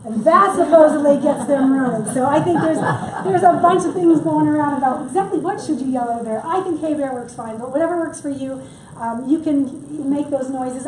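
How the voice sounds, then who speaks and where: High-voiced woman giving a wildlife talk. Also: warm tone, slight background noise. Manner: chatty, joking asides. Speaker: wildlife presenter. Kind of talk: public workshop talk. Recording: echoey room, mic from far off.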